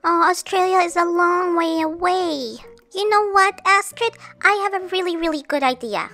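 A woman's voice: very high voice, normal speed, bright, forceful tone, faint music behind, exaggerated voice. A woman voicing a caring, cheerful girl doll who comforts and reassures. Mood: kind. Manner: soothing, reassuring.

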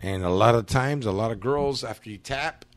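A man's voice: medium pitch, normal speed, dry recording. A man hosting a podcast, telling profane, slang-heavy stories in casual chat. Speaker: podcast host.

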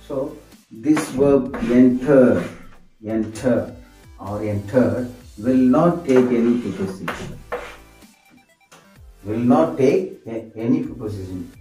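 A man speaks very slowly in a deep, mellow tone, going over grammar points and repeating each example sentence several times. His voice is set back from the microphone in an echoey room. Faint instrumental music plays underneath. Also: expressive, distant mic. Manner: slow, repetitive, says sentences over and over; answers himself with "yes". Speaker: English grammar teacher. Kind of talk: grammar lesson.

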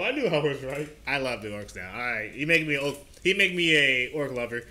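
A man hosting a reaction video, chatting casually and laughing often between quick remarks. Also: mid-range voice, lively intonation, pushed and bright.

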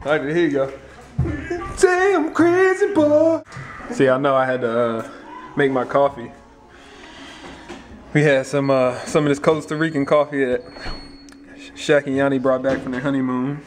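Hosting a laid-back home vlog, this man speaks in a mid-range voice with little pitch movement, normal speed, and long pauses, plus a slight hiss or hum. He's playful and joking, occasionally singing along to faint gospel music in the background.

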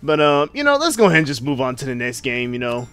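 A man's voice: medium pitch, sing-song, fast, a bit bright, clean tone, no room sound, faint music behind. A young man hosting game commentary, brash, profane and mocking as he plays. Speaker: gaming channel host.

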